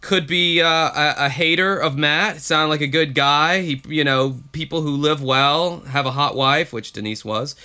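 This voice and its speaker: Casting note: man, blunt, swears freely, bright, forceful voice, easygoing podcast banter. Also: on the high side, measured pace, hardly any pauses, clean tone. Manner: blunt, profane, animated. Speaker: podcast co-host. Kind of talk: casual chat.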